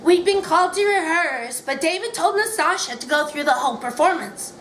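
A woman's voice: extremely high pitch, lively intonation, fairly quick, fairly bright tone, reverberant, slight background noise, poor audio. A woman author reading her memoir aloud at a bookshop event, wry and amused. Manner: wry, amused, often laughing between lines.

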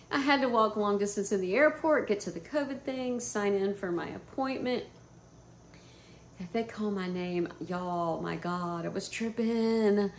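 A woman's voice: mid-range voice, unhurried, slight background noise. Woman vlogger telling a story in a roomy space. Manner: animated, swearing, laughing often. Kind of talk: casual storytelling to camera. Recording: roomy echo.

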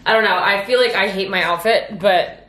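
A woman's voice: mid-range voice, normal speed, a bit bright. A young woman vlogging in a casual chat, rambling and self-mocking, laughing often and swearing freely. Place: at home and in her car. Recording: echoey room, faint ambient noise.

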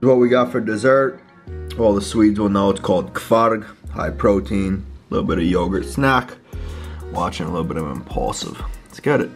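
A man's voice: fairly low pitch, normal speed, soft background music. A young man in his twenties, a soccer player chatting casually in a laid-back vlog. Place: home, Sweden.

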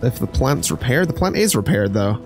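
A man's voice: mid-range voice, very animated, a little fast. A man chats casually through his gameplay, rambling and cracking jokes at his viewers. His voice sits mid-range but moves a lot, rising and falling with his reactions. Faint game music plays underneath. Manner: rambling, joking asides to chat. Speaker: streamer.

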